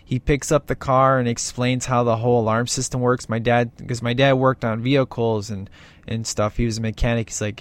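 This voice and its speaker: A man's voice: medium pitch, little pitch movement, brisk. A man chatting casually about a movie he loves, enthusiastic and rambling, often acting out quoted lines. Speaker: movie reviewer.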